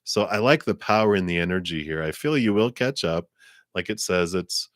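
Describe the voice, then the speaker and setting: Male host giving live tarot readings, very low voice, dry close sound, easygoing and rambling. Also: moderate pace, dry recording. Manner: relaxed, rambling, with fillers and spiritual talk. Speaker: tarot card reader, channel host. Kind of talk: live-stream card reading.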